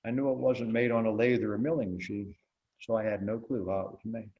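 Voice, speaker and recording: A man's voice: on the low side, fairly even intonation, fairly quick, highs cut off, slight background noise. Older man telling a folksy story. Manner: folksy, wry storyteller who acts out dialogue. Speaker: interviewed blacksmith. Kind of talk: relaxed storytelling in an interview.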